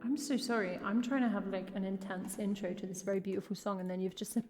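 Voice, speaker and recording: A woman's voice: mid-range voice, steady tone, quick pace, music in the background. A woman from England, a singer-songwriter chatting playfully with wry jokes between songs on her live stream. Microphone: headphones and stream mic.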